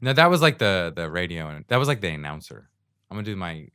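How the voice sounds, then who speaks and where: This podcast host has a low but pushed, bright voice with a clean tone, and he talks fast and very animatedly. Recorded dry on a secondhand USB mic yet sounding studio-clean, he rambles through a self-deprecating solo comedy monologue, laughing between phrases.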